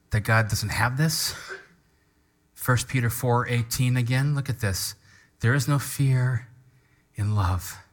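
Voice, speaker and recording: A middle-aged man preaching a sermon as pastor, reading scripture with fervent emphasis and calling the congregation to repeat the words with him. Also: on the low side. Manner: passionate, rising to loud emphatic scripture reading; leads congregation in call-and-response.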